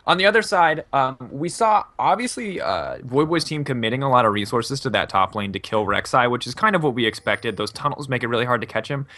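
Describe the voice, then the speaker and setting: A man doing color commentary on a live esports match, talking quickly in a bright, forceful voice. He breaks down decisions and mistakes analytically, with casual fillers between his points. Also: mid-range voice. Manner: analytical, with frequent um and you know.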